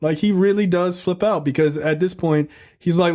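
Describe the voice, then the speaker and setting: Profane joking man, slightly higher voice. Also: brisk, dark tone. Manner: profane, joking, acts out quotes. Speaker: podcast co-host reviewing a film. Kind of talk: casual comedic chat.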